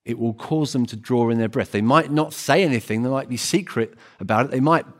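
A man's voice: medium pitch, fairly quick. A man preaching a sermon in an earnest, emphatic way, often repeating phrases and restarting words.

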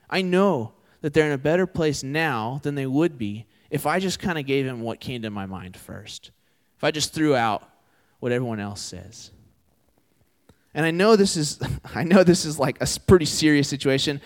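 A man's voice: a little high, expressive, moderate pace. A man in his twenties giving a conversational sermon, often putting questions to his listeners. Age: 20s. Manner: conversational, asks the audience questions. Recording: hall with long reverb.

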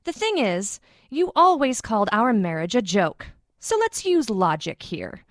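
A woman's voice: mid-range voice, big pitch swings, a little slow, no room sound. A woman performing a monologue as a wife who refuses a divorce, dramatic and bitterly joking. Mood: bitter, wry. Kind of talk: acted monologue.

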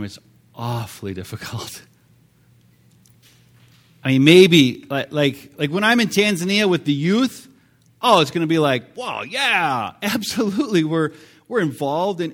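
A man preaching a sermon, talking to his congregation in a conversational way, with fillers and sudden emphatic swells. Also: medium pitch. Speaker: pastor.

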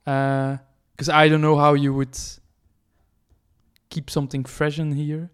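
A man's voice: a little high, monotone, a little slow, smooth. A man, a podcast co-host chatting casually, hesitant with many fillers and restarts. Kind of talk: casual chat.

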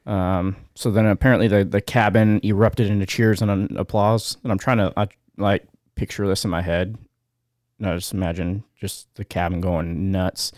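A man with a fairly low voice reads a news story to his co-host. His delivery is halting and full of fillers, and he gets choked up along the way. The sound is dry and close. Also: steady tone, darkish tone, dry recording. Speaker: podcast co-host. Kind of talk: casual chat, reading a news story.

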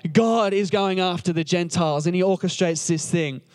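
A man's voice: high-pitched, moderate pace, a little mellow. A man preaching casually, retelling a Bible story in a chatty, joking way and acting out the characters' lines. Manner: conversational, jokey, acts out the characters' lines. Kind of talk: casual sermon retelling scripture.

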